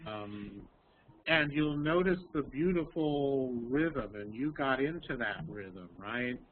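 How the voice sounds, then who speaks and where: Brief: male English teacher on a video call, measured, full of ums, thin phone-like sound with light hiss. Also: mid-range voice, animated. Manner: slow, explaining, many ums. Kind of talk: online language lesson. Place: Texas. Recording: tinny call audio, faint hiss.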